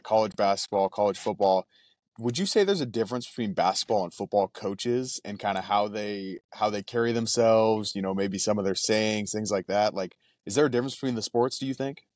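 Male podcast host, low and relaxed, halting interviewer with dry close sound. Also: dry recording. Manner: casual, halting, many fillers. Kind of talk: interview questions.

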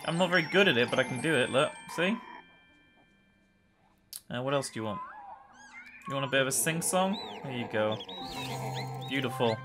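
A young man casually commenting on his own gameplay, chatty and excitable, often breaking into yells and laughter. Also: mid-range voice, moderate pace, pauses often, over music. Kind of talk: casual let's-play commentary.

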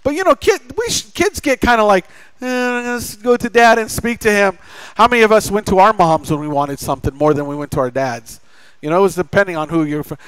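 A man's voice: sits high, fairly bright tone, dry recording, rough recording. A middle-aged man preaching a sermon as pastor, telling a family story with acted-out dialogue and joking with the congregation. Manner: jokey, chatty with the congregation. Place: church sanctuary.

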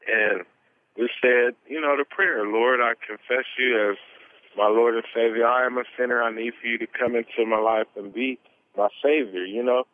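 A man giving an earnest, animated testimony as an interview guest, telling his story at length. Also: medium pitch, moderate pace. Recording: tinny phone line.

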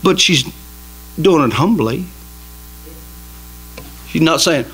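A man preaching a sermon in a small church, emphatic and folksy, swinging between loud exhortation and quiet asides. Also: fairly high pitch, expressive, slow, pauses often, husky, rough recording. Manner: folksy, jokes with the congregation. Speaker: pastor.

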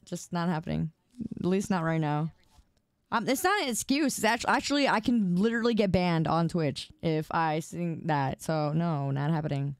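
A woman's voice: on the low side, expressive, moderate pace, clear, resonant tone, dry recording, clean studio sound. Tired, playful woman streamer. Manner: playful, teasing, pleading and rambling. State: tired, sleep deprived. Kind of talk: casual live-stream chat.

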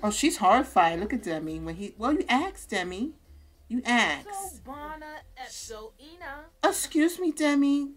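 A woman's voice: mid-range voice, big pitch swings, normal speed, fairly bright tone. A young woman hosting a let's-play video, chatting casually in slang and talking to her game characters. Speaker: gaming channel host.

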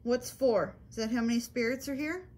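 Calm coaxing woman questioning spirits. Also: on the high side, moderate pace. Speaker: paranormal investigator. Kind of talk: questioning spirits during a ghost hunt.

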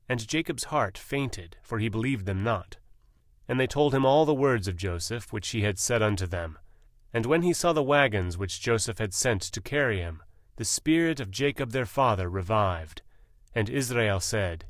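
Man with a lowish, dry solemn reading voice. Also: expressive, moderate pace, no echo. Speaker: audiobook narrator. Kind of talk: scripted scripture reading.

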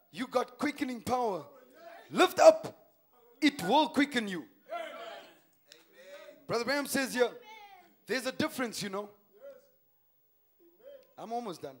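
A man preaching a sermon in a church, swinging between hushed asides and shouted, impassioned lines and calling out questions to the congregation. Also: very high voice. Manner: calls to the congregation with repeated questions.

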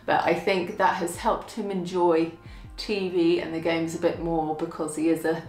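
A chatty woman showing off her home bargains in a relaxed, self-deprecating way, laughing easily. Her voice sits a little low, and the room around her rings with echo. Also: moderate pace, faint music behind. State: out of breath from lifting. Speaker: vlogger showing a home haul. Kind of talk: casual chat to camera. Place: at home, indoors.

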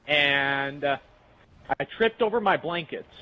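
A man's voice: a little high, lively intonation, takes it slowly, bright, forceful tone, poor audio. A young man casually telling a rambling, profane story while playing a game with friends. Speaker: channel host.

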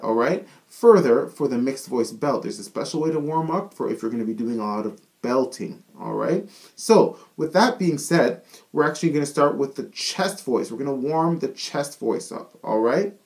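A man teaching a singing lesson, explaining chest-voice warm-ups in an upbeat way and often checking in with "all right?". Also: on the high side.

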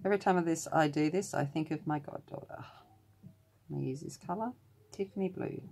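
An Australian woman with a low voice talks through her colouring in a relaxed, chatty way. She drifts into rambling side stories and pokes fun at herself. It sounds like a room at home. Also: fairly quick, husky. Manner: chatty, rambling asides, self-deprecating. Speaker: colouring channel host. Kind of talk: casual tutorial chat while colouring. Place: room at home with the door closed.

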